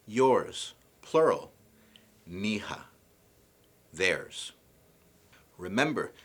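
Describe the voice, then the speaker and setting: A man giving a scripted language lesson, pronouncing example words slowly and carefully. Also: on the low side, a bit bright, husky. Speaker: language teacher.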